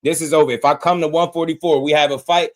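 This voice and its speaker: Excitable guy, hyping up a boxing fight live, loud then mumbly, laughing a lot. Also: on the high side, fast talker. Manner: animated, laughing, swings from shouting to muttering. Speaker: boxing podcast host. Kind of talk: excited livestream boxing talk.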